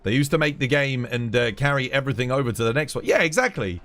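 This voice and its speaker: A man's voice: mid-range voice, animated, quick pace, fairly bright tone, soft background music. A man chatting casually on a live game stream, rambling and repeating himself as he grumbles.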